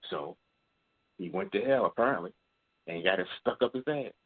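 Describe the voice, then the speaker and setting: A man with a somewhat low voice calls in to share a confession, telling it bluntly and with plenty of cursing. He voices the people in his story as he goes. The sound is thin and tinny, like a phone line. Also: lively intonation, a little fast. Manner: blunt, profane storytelling, acts out quoted voices. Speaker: caller. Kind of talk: call-in confession.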